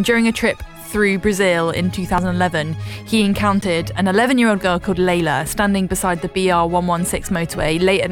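A young woman co-hosting a radio show, talking in a chatty, enthusiastic way with frequent laughter. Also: medium pitch. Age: young adult. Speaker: radio co-host. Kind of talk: casual radio chat.

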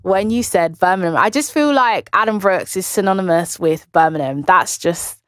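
A woman's voice: fairly low pitch, moderate pace, dry recording, studio quality. A woman hosting a radio show, upbeat, reading out listener messages and steering the chat. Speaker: radio host.

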